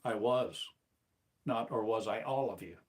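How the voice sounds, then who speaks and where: A man from the United States with a voice on the low side preaches a sermon as a spiritual teacher. He's slow and declamatory, firing off one rhetorical question after another.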